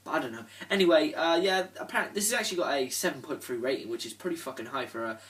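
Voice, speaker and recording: A young man rambling casually in a disc collection vlog, swearing a lot and filling pauses with ums. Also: fairly high pitch, animated, fairly bright tone. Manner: rambling, swears often, lots of fillers. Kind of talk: casual unscripted chat. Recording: voice from a distance off the mic.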